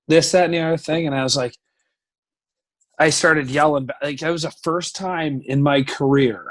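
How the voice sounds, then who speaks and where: A man in his thirties tells locker-room stories in a fairly high voice. He talks casually and profanely, and jumps into loud acted-out lines when he quotes the shouting. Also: normal speed. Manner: profane, animated storyteller who acts out shouting. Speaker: professional hockey goaltender, podcast guest. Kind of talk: casual storytelling interview.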